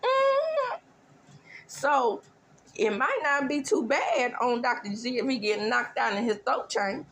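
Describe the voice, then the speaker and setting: A woman's voice: fairly high pitch, lively intonation, moderate pace, a bit bright. A woman hosting a casual gossip show with a sassy, drawling manner, teasing and mimicking as she talks. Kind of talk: casual celebrity gossip commentary.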